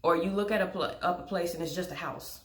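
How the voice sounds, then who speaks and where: A woman's voice: fairly low pitch, fast, roomy sound. A young woman telling a story to camera in a blunt, exasperated way, swearing freely. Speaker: vlogger.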